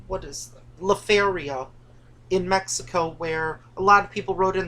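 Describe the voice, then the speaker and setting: A woman's voice: lowish voice, moderate pace, sharp tone. A woman co-hosting a casual chat about theme park rides, teasing and chatty, recorded indoors. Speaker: co-host of a coaster channel. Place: indoors, dim room at home.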